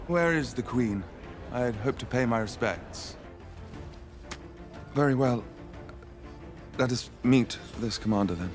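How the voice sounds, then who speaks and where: A man's voice: mid-range voice, measured pace, pauses often, faint music behind, lightly acted. Guy playing a fawning posh lord, english rp, tv drama clip. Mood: courtly. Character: fawning upper-class male lord.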